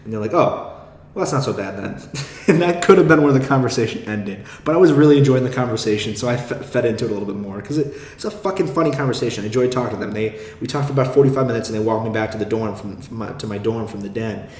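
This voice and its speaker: A man's voice: medium pitch, quick pace, darkish tone. A young man hosting a podcast, talking in a rambling, self-deprecating way with lots of fillers and swearing. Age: young adult. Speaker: podcast host. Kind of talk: casual monologue. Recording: echoey room.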